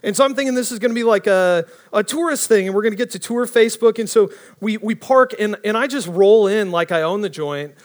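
Young male preacher, high voice, lively and rambling storyteller. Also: brisk, hardly any pauses. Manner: animated, rambling, self-interrupting. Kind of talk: storytelling sermon.

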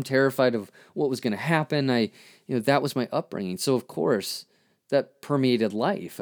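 A man hosting a podcast, reflecting earnestly on his own poem in a halting way, with many restarts and fillers. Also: medium pitch. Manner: earnest and searching. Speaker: podcast host and therapist.

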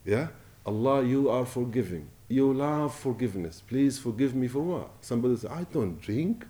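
Impassioned preacher, man, mellow voice. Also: medium pitch. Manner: impassioned, rising and falling, recites Arabic quickly. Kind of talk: Ramadan sermon.

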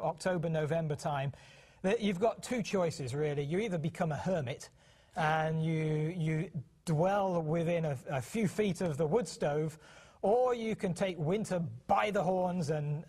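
A middle-aged man with a British accent talks in a casual, chatty way. He often restarts his sentences and acts out the voices of people he quotes. His voice is slightly husky and sits a little high. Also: a little mellow. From United Kingdom. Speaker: co-host, parenting program. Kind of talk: casual television talk.

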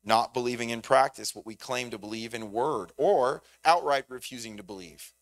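A man preaching a sermon in a conversational, animated way, often repeating words as he thinks. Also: mid-range voice, normal speed, no echo, soft background music. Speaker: pastor.

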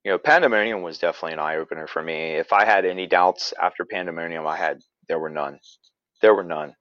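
Man, lowish voice, casual rambling storyteller, dull lo-fi sound. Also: fast, fairly bright tone, no echo. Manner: rambling, many "you know" fillers and restarts. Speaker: paranormal investigator and podcaster.

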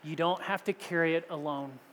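Man preaching, pastor, fairly high voice, long hall reverb. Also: fairly even intonation, brisk, fairly bright tone, a little hiss or hum. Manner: preaching with rising rhetorical questions. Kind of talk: sermon. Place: church sanctuary.

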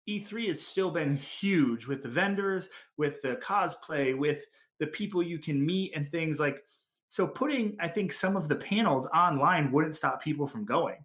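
A man's voice: on the high side, lively intonation, measured pace, fairly bright tone. A man co-hosting a comics podcast, talking casually in long, enthusiastic rambles. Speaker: podcast co-host. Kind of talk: casual chat.

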